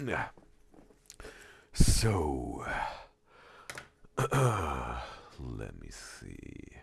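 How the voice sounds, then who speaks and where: Deep-voiced, gravelly, unhurried male streamer. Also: big pitch swings. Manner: halting, repeats words, reads chat aloud; drops to soft, near-whispered talk. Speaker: streamer reacting to videos. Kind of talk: live stream reaction chat.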